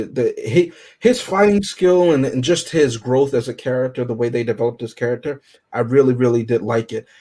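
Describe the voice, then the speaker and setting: Guy gushing about a movie on a podcast, mid-pitched, keeps asking "right?". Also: darkish tone, husky, poor audio. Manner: enthusiastic, often asks "right?" and "you know what I mean?". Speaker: movie review panelist. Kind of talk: casual podcast chat.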